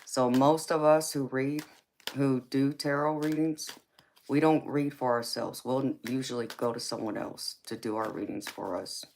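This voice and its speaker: A woman hosting a tarot live stream with a raspy voice. She answers viewers in a casual, forthright way and calls them baby and honey. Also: very deep voice, fairly even intonation, moderate pace, a little mellow. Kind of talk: casual live-stream chat reading comments. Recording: clear background noise.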